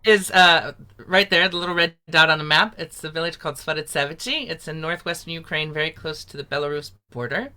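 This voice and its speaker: A woman's voice: low-pitched, brisk, few pauses, bright, forceful tone. A woman teaching a folk song over a video call, upbeat and encouraging, laughing easily.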